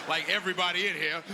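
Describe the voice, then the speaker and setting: A man performing a stand-up comedy set on a club stage, acting out characters with sudden shouted outbursts. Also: high-pitched. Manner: animated, acts out characters with big shouted outbursts. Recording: live club recording with audience noise.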